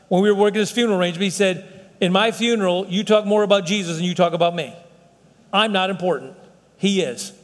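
Folksy preacher man, high voice, hall reverb. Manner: folksy, repetitive restarts, conversational preaching. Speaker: pastor. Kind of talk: sermon.

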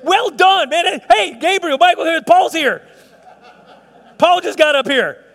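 A man voicing Jesus as an excited, loud figure welcoming someone into heaven. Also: unhurried, vocal fry, long reverb tail, full character voice. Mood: jubilant. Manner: exuberant, loud, high and excited.

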